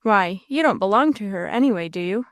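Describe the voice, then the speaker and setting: A woman's voice: mid-range voice, lively intonation, fairly quick, no room sound, natural voice. Woman reading as a blunt country innkeeper. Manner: folksy rural dialect. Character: big red-faced country innkeeper, blunt and curious.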